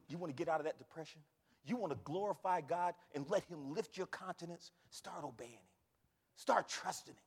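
A male preacher with a high, husky voice that leaps up and down as he preaches. He drops to near whispers, then rises to shouts. A long hall reverb trails each phrase. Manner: preaching with wide swings from hushed to shouting. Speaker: pastor. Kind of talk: sermon.

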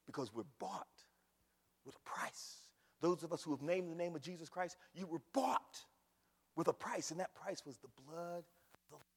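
A man preaching a sermon with dramatic swings from shouts to hushed whispers, repeating words for emphasis. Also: a little high, animated, moderate pace, husky, in a large hall.

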